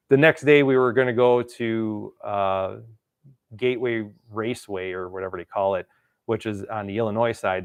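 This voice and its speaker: A man's voice: fairly low pitch, dry recording. Chatty man with a dry sound. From Wisconsin. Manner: rambling, laughs often, acts out quotes. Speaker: channel host. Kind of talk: casual storytelling monologue.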